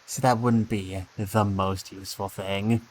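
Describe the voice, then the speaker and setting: A man's voice: on the low side, steady tone, unhurried, a little hiss or hum, poor audio. A man streaming a game, thinking aloud with dry asides and reading the game text.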